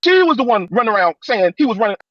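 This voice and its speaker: A man's voice: high-pitched, very animated, fast talker, no echo, muffled recording. A man on a livestream arguing bluntly and confrontationally, with a lot of profanity. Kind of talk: heated livestream argument.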